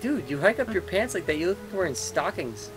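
A man's voice: high voice, sing-song, quick pace, loud music behind the voice. A young man chatting casually while gaming, rambling and joking with his brothers. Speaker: let's play gamer.

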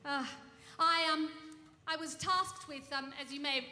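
Cabaret chanteuse, female. Mock-earnest patter full of ums, high and bright, recorded live in a roomy echoing venue. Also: unhurried. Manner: rambling, full of ums and restarts; mock-earnest tall tale. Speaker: cabaret singer and bandleader. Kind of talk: comic stage monologue. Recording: reverberant live room.

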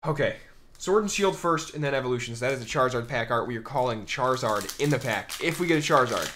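A man's voice: mid-range voice, animated, fast, sharp tone, slight background noise. A man streaming live as he opens trading card packs, chatting to his viewers and the camera in a casual way and often repeating his phrases.

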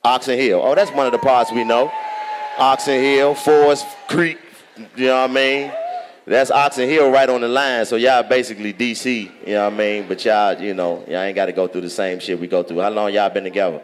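A man with a Washington DC accent doing stand-up, ribbing the audience with loud, profane banter. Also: medium pitch, steady tone, a little fast, a little hiss or hum. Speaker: stand-up comedian. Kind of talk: crowd work stand-up. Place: large theater on stage.

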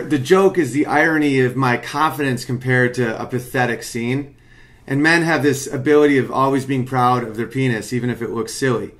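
A man's voice: medium pitch, fairly bright tone. A man at home casually talking through why his stand-up joke works, rambling and analytical. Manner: rambling, analytical, picks up intensity when making his point. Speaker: comedian explaining his own bit. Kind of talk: casual commentary.

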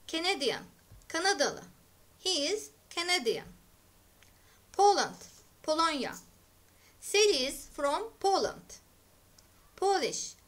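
A woman teaching English vocabulary, her voice high and lively as it moves up and down. She speaks in a bright, clear tone. She takes each word slowly and deliberately, pausing so learners can repeat. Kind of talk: slow vocabulary drill, English word then Turkish meaning.

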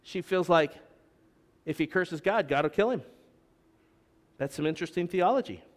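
A man's voice: high-pitched, animated, moderate pace, long reverb tail. A middle-aged man preaching a sermon as pastor, with joking asides to the congregation. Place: church sanctuary.

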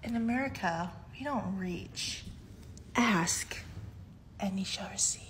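A woman's voice: medium pitch, slow pace, a bit bright, slight background noise. A woman playing a perky, condescending middle-aged American mom who talks down to her guest. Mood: patronizing. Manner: bubbly, patronizing.

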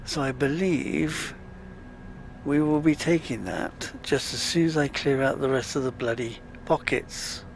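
A man's voice: mid-range voice, measured pace, gravelly, slight background noise. A man giving casual, chatty let's-play commentary, muttering to himself as he plays. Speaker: gaming channel host.

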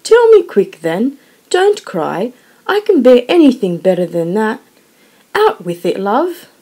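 A woman's voice: fairly high pitch, very animated, measured pace, mellow, husky, full character voice. A woman reading an audiobook, voicing an anxious young husband who speaks in an urgent, reassuring way. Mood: coaxing. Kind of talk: audiobook character voice.

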